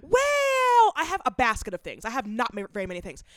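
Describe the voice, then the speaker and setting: A woman's voice: high voice, huge pitch swings, fairly quick, a bit bright, no echo, studio quality. A young woman co-hosting a podcast, who is sick, tells a rambling, self-mocking story in casual chat with lots of fillers. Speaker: podcast co-host.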